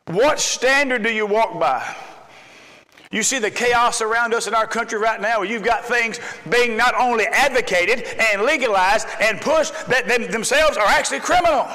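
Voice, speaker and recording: Male preacher, folksy and earnest, high bright voice, long church-hall reverb. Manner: folksy, earnest, with humorous asides. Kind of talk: sermon. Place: church sanctuary.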